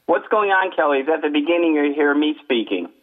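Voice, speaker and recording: A man in a casual radio chat, calmly explaining ghost recordings in a plain-spoken way. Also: fairly high pitch, fast. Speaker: paranormal investigator guest. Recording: tinny phone-line radio audio.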